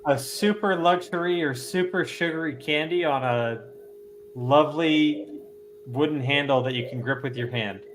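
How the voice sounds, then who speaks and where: A man in relaxed talk with friends, jokingly quizzing them. His voice is fairly high for a man, with faint noise behind it. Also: moderate pace, low-quality recording. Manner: playful, jokey quizzing. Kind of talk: casual chat.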